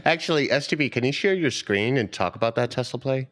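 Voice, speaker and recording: A man hosts a live trading stream, bringing callers on and teasing them as he goes. His pitch swings widely and stays animated. His voice sits at a middle pitch. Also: fast. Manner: teasing, jokey. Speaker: host. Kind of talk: joking live stream banter.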